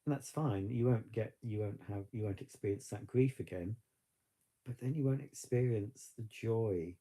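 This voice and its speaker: A man's voice: fairly low pitch, moderate pace, mellow. A man chatting on a live stream, reflective and rambling with many fillers, tearful at times. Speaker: vlogger. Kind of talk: casual live-stream chat.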